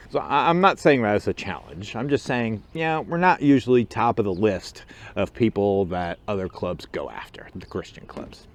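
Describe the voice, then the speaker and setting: A man hosting his own channel, telling a story in a casual, animated way and acting out the other people in it. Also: fairly low pitch, moderate pace. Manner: animated storyteller who acts out quotes and chuckles. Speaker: motorcycle club officer and channel host.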